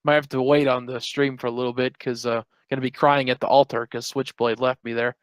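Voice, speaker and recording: A man's voice: mid-range voice, little pitch movement, a little fast, clean tone, no room sound, rough recording. A man who is a guest on a live stream, chatting casually with playful wisecracks.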